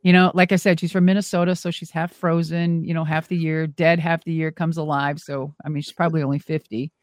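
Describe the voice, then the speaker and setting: A middle-aged woman, a former wrestler and monster truck driver, telling animated stories as a guest and swearing freely. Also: deep voice, brisk, dry recording. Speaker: interview guest. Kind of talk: casual storytelling.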